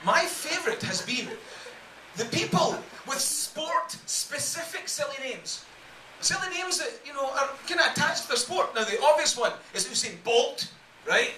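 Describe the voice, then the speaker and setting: Stand-up comic, male, very high and lively voice, crude playful delivery, echoey distant club recording. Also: moderate pace, a little hiss or hum. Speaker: stand-up comedian. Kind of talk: stand-up comedy set. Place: comedy club room with a live audience.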